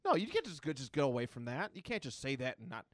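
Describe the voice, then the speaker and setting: A man's voice: medium pitch, wildly swooping pitch, fast, no room sound, studio quality. A man co-hosting a podcast in casual chat, enthusiastic and full of fillers. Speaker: podcast co-host.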